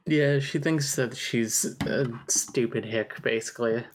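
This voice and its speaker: A woman co-hosting a casual podcast, with an unusually deep, low-pitched voice. She talks through the story with dry, wry asides. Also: a little slow, slight background noise. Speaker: podcast co-host. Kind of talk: casual chat about a story.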